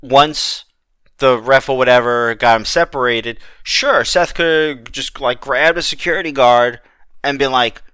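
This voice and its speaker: A man's voice: mid-range voice, a little slow, sharp tone, clean tone, no echo. A man hosting a wrestling podcast, chatting casually with plenty of restarts. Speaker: podcast host. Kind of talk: casual chat.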